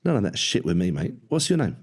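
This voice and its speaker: A man's voice: low voice, very animated, quick pace, breathy edge, exaggerated voice. A man voicing a friendly, tubby young kitchen hand who talks bluntly and casually. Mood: easygoing.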